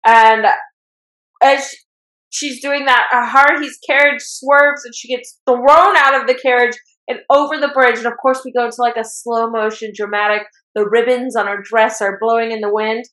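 An excitable woman hosts a casual show, recapping an anime episode the way a fan would and getting worked up as she goes. Her voice sits a little high. The recording has a noticeable echo from the room. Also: moderate pace. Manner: excitable fan, gets worked up and laughs while retelling. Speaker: podcast host recapping an anime.

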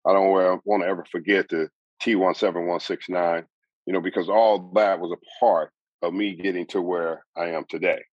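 A man's voice: sits low, flat delivery, moderate pace, no room sound, muffled recording. A man giving a personal faith testimony as an interview guest, telling his story earnestly, with repeats and restarts.

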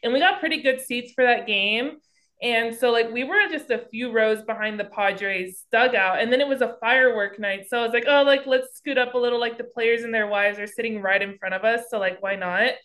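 Woman podcast co-host, pitch on the high side, rambly excitable sports talk. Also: a little fast. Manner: rambling, excitable storytelling full of "like". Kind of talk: casual sports chat.

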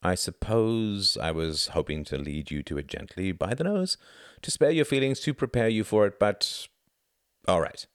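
A man voicing an earnest, intense German mentor who speaks in a measured, gentle way. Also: fairly low pitch, expressive, dry recording, studio quality, voice pushed up, lightly acted.

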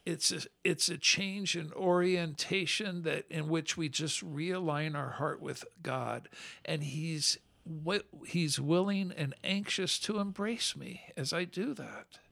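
A man's voice: a little high, slow pace, creaky, pushed and bright, no room sound. A man as a podcast guest, telling his own story in an earnest, heartfelt way.

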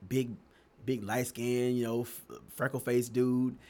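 A young man from Texas telling stories in a casual chat, animated and laughing often, his pitch leaping up for emphasis. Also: unhurried. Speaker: podcast co-host.

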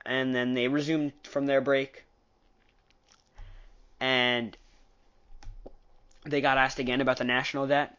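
A man's voice: medium pitch, flat delivery, slow pace, long pauses, fairly bright tone, smooth, highs cut off. A man giving a casual, opinionated recap of a political debate, rambling and often correcting himself mid-sentence. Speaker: political commentator.

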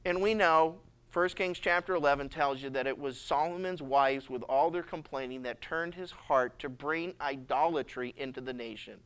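A man preaching a sermon as a pastor, telling Bible stories lively and acting out the characters, often repeating and restarting his words. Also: a little high, moderate pace, hardly any pauses, clear, resonant tone.

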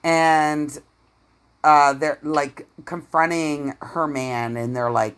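Low-voiced woman gossiping bluntly. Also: slow pace, clear, resonant tone. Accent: Canadian. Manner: blunt, swears freely, animated gossiping. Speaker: podcast co-host. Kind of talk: casual chat.

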